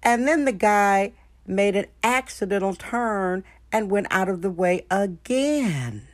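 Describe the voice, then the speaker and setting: A woman's voice: mid-range voice, lively intonation, takes it slowly. A woman hosting a podcast, telling a story in a chatty, frank way and talking straight to her listeners. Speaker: podcast host. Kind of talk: casual storytelling monologue. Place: San Francisco.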